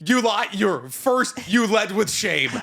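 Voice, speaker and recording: Excitable bright-voiced man. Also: high-pitched, gravelly. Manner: excitable, swearing, quick jokey reactions. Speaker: podcast co-host. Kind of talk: casual banter.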